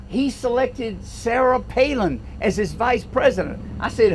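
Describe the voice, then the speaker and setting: A man's voice: sits high, animated, normal speed, few pauses, a little hiss or hum. An older man from Louisiana with a Southern American accent, giving a folksy, rousing campaign speech full of stories. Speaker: political speaker.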